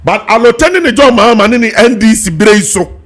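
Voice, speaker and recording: Animated high-voiced Ghanaian man. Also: fast. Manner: animated, emphatic, mixing English and Twi. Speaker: talk show host. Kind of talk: heated political talk show debate. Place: TV studio.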